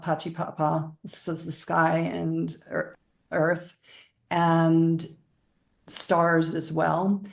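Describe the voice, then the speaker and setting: A woman guest speaks in a lowish voice with a gravelly edge. She tells her story in a meandering way and often laughs as she talks. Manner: rambling, laughs often while telling stories. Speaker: interview guest. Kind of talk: conversational storytelling.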